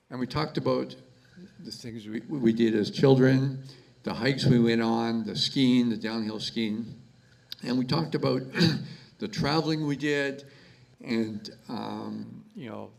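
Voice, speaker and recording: Gravelly-voiced man giving a halting eulogy. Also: mid-range voice, darkish tone, low-quality recording. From Canada. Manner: halting, repeats words, many fillers. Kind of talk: memorial speech.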